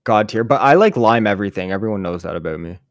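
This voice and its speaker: A man's voice: lowish voice, lively intonation, fast talker, no room sound, studio quality. A man co-hosting a casual podcast, chatty and joking, rambling with many "like"s. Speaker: podcast co-host.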